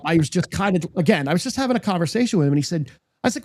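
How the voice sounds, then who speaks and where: A man's voice: high-pitched, animated, very fast, darkish tone, no echo. A man co-hosting a podcast, chatting casually and telling a story with acted-out quotes and frequent restarts. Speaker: podcast co-host. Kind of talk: casual chat.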